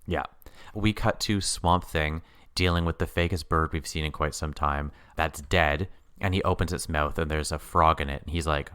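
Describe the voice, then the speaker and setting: A man with a low voice chats casually on a podcast, recapping a TV episode. He keeps breaking into short mock voices to act out what the characters say. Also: clean tone. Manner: animated, acts out characters' lines in quick mock voices. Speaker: podcast co-host. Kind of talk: casual chat recapping a TV show.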